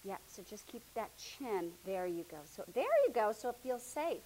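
Female movement teacher, gentle coaxing delivery, mid pitch, moves on and off mic, light hiss. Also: expressive, moderate pace, poor audio. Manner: coaxing, encouraging, often drops to a near murmur. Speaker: movement instructor. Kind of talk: hands-on class instruction.

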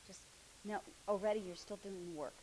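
A woman's voice: medium pitch, a little fast, darkish tone, a little hiss or hum, low-quality recording. A woman instructing a movement class hands-on, coaxing and encouraging, often dropping to a near murmur as she moves around the room.

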